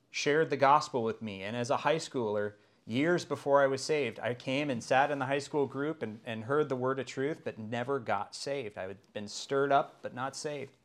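A middle-aged man preaching a sermon as pastor, earnest and rising to emphatic exclamations. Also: mid-range voice.

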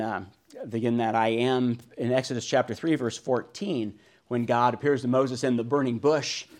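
A man teaching verse by verse through the Bible in a relaxed, conversational way, with frequent fillers and restarts. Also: medium pitch.

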